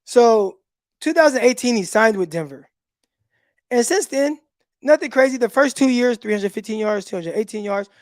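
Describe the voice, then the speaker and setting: A man hosting a casual livestream, telling stories in an animated way with laughs, talking into a phone. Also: extremely high pitch, normal speed, dry recording, clean studio sound. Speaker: podcast host and former football player.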